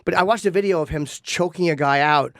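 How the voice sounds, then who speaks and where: A man's voice: a little high, fairly bright tone, dry recording, studio quality. A man hosting a talk show, chatting casually with frequent restarts. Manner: fast and halting, many restarts.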